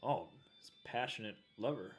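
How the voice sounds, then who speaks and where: A man's voice: lowish voice, animated, moderate pace, highs cut off, faint music behind. A man co-hosting a casual movie watch-along, joking, laughing often and reading the title cards aloud in hammy voices. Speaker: co-host of a movie reaction channel.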